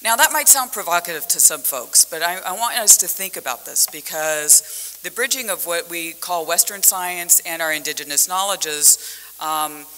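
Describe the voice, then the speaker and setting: Woman panelist, conference talk, bright voice, lively storyteller. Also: fairly low pitch, normal speed, slight background noise. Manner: animated storytelling with vivid metaphors. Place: conference hall. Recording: echoey conference hall.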